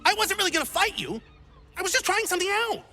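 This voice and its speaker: A woman voicing an eager, clumsy young male would-be adventurer in a video game, who talks excitably, rambles and stumbles over his words. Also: very high-pitched, quick pace, exaggerated voice. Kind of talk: game character dialogue.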